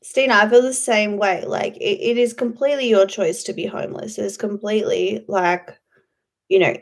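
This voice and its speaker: A woman's voice: medium pitch, fairly even intonation, moderate pace. A woman hosting a casual livestream, rambling, swearing freely and answering chat. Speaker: YouTube livestream host.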